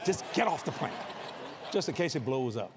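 A man's voice: mid-range voice, big pitch swings, moderate pace, noisy background. A middle-aged man preaching a humorous sermon on a convention stage, acting out scenes with sound effects. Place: convention stage before a live audience.

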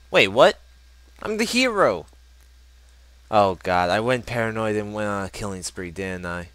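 A man's voice: fairly low pitch, a little slow, pauses often, clean tone, no echo. A young man giving casual, joking commentary while playing a video game. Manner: animated, joking, reads game text aloud. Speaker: gameplay commentator. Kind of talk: casual let's play commentary.

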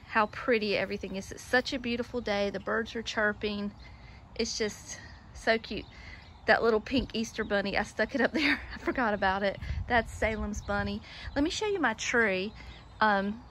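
A woman's voice: mid-range voice, a bit bright, slight background noise. A woman chatting casually in a home vlog, sentimental and rambling, often trailing off and starting over. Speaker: home vlogger. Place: at home, indoors and out in the yard.

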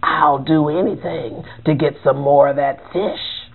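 A woman's voice: deep voice, fairly even intonation, unhurried, gravelly, slightly rough, pitched below the performer's own voice, full character voice. A woman voicing a greedy, demanding male ghost who roars for more food in a storybook reading. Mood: eager. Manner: roaring, bellowing demands. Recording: tinny phone-like sound, faint music.

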